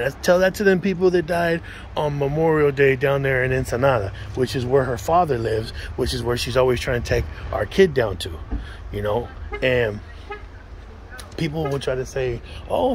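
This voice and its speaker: A man's voice: medium pitch, moderate pace, a little hiss or hum. A man telling his own story in a blunt, profane, casual monologue, full of restarts and quoted asides.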